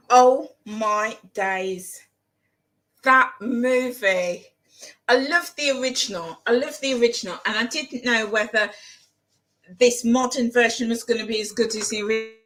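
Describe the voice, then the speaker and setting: A woman's voice: on the high side, moderate pace, bright, forceful tone, low-quality recording. A woman chatting casually in her home kitchen as she cooks, rambling and repeating phrases for emphasis. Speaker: vlogger. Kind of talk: casual chat while cooking.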